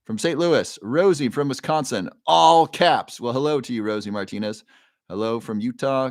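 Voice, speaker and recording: On a new microphone with dry, studio-quality audio, a mid-range male livestream host chats casually at a moderate pace. He cheerfully calls out viewers by name and reads their comments aloud, peppering his talk with fillers.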